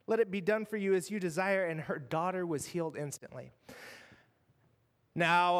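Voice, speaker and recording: Earnest pastor with a high voice. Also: male voice, big-room sound. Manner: earnest, dramatic shifts between loud and hushed. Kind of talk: sermon. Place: church.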